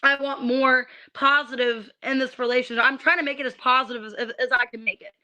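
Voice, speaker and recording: High bright-voiced tarot reader woman. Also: steady tone, brisk. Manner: irritated ranting, swears, stammers on restarts. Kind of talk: livestreamed tarot reading.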